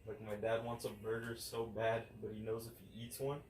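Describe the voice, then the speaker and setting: In a relaxed friends' chat on the podcast he co-hosts, a young man with a low-leaning voice talks briskly, bringing his stories to life by imitating the people in them. There's a faint hiss, and the mic sits distant in a roomy space.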